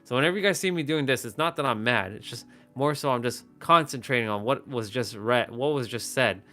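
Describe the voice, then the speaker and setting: Soft background music accompanies a livestream host whose medium-pitched voice is brisk, pushed and bright. He addresses the camera through a phone or webcam, speaking casually and rambling with frequent restarts.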